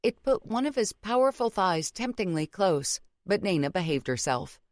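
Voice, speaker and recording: A woman reads an audiobook in a calm, even storytelling style, her voice sitting in the mid-range. The scripted narration is recorded cleanly in a studio with no room sound.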